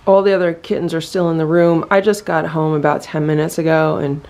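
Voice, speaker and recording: A woman narrating her home cat rescue vlog in a calm, matter-of-fact way, switching to sing-song baby talk for her cats. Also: sits low, brisk, gravelly. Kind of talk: casual narration to camera.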